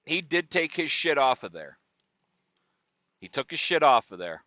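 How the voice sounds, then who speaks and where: A man's voice: mid-range voice, no room sound. A man hosting a comedy podcast, telling a story as a casual, profane rant and often asking "right?" and "dude". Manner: animated, profane, keeps checking in with "right?" and "dude". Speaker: podcast host. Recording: dry, dull lo-fi sound.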